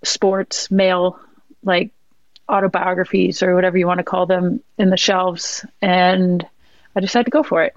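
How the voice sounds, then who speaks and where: A woman's voice: on the low side, level tone, normal speed, no room sound. A woman from the West Coast of Canada, a guest in casual chat, modest and laid back, with many fillers. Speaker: guest, soccer player. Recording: dull dry sound.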